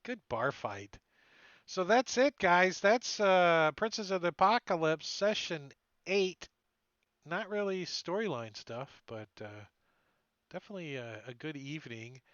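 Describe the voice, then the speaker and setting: A man's voice: a little high, expressive, a little slow, a bit bright, no room sound. A man running a tabletop game as dungeon master, narrating casually with filler words and frequent laughs, over dull lo-fi stream audio.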